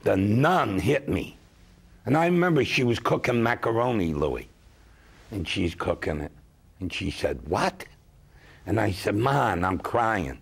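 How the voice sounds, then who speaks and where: A middle-aged man tells his stories slowly and emphatically. His voice is gravelly and a little husky, and his pitch swings widely as he talks. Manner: slow, emphatic, lively storyteller. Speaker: guest, consumer advocate. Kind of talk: storytelling talk-show chat.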